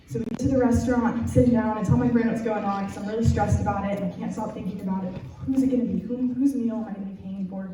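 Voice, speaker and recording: A young Texan woman gives a sermon to a church youth group, candid and earnest, with many fillers. Her voice sits a little high, and it reaches the mic from across a very echoey room, with clear background noise. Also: steady tone, fast. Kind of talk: youth sermon with personal story. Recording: echoey room heard from far off.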